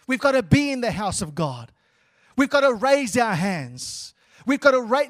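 A male pastor preaching a sermon, repeating words and calling for responses from the church. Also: very high voice.

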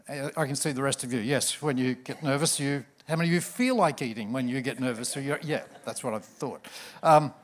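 A man's voice: mid-range voice, fairly quick. A man, a pastor preaching a sermon in church with joking, self-mocking asides. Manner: warm, humorous storyteller with self-mocking asides.

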